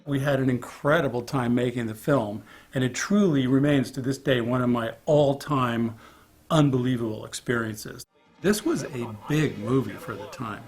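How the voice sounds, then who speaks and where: A man recalls his days on a film set in a relaxed interview. He tells it as a lively anecdote, bouncing into other people's voices as he quotes them, with his own voice sitting at an ordinary mid pitch. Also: moderate pace. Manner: animated storyteller acting out quoted voices. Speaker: film crew member recalling a production.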